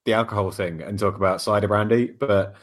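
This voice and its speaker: A man's voice: lowish voice, fairly even intonation, a little fast. A man co-hosting a casual podcast, laughing often and steering the talk between segments. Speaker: podcast co-host. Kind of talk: casual chat.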